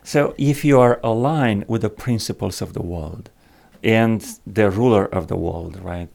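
A man talking slowly and reflectively about a Bible passage, pausing often with fillers. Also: lowish voice, gravelly, a little mellow. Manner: slow and reflective, many pauses and fillers. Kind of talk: Bible study discussion.

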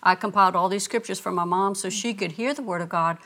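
A woman hosting a ministry talk show in a TV studio, telling stories in a calm, earnest way. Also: medium pitch, quick pace. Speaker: ministry host.

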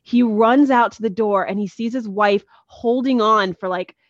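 A woman's voice: a little high, normal speed, no room sound, muffled recording. A woman on a podcast casually retelling a comic book story with lots of energy, acting out the characters' lines. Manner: animated, acts out characters' lines.

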